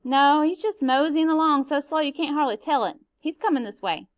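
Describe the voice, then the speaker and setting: A woman's voice: high-pitched, normal speed, no echo, studio quality, pitched above the performer's own voice, close to an everyday voice. A woman reading a novel aloud, voicing an earnest, anxious young boy with an eager, pleading tone.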